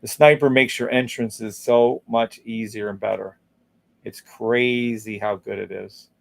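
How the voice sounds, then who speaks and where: Unhurried and steady in tone, the stream host speaks at medium pitch with vocal fry while walking viewers through charts. He stays casual, upbeat and salesy, reads viewer comments, and hums and scats little tunes as he scrolls.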